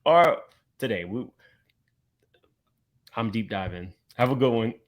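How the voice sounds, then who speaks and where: A man hosting a casual reality-TV gossip commentary, chatty and quick to laugh, talking straight to his viewers. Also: medium pitch, expressive. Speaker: commentary channel host.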